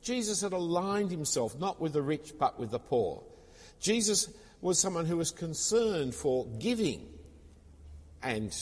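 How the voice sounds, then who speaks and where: Husky-voiced man preaching in a reverberant hall. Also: high voice, a little mellow. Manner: expository, with conversational personal asides. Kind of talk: sermon. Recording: long reverb of a large hall.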